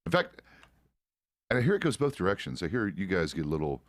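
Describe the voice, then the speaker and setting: Middle-aged American guy, very low voice, dry close sound; relaxed, profane streamer chatter. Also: fast, no echo. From United States. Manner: profane, laid-back, chuckles often. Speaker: roleplay streamer. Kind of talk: casual chat while roleplaying a game.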